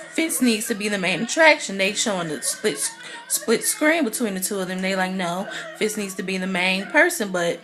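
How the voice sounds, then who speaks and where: A woman giving a casual, excitable recap of a TV episode, chatty and full of "you know" fillers. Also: medium pitch. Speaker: TV recap vlogger.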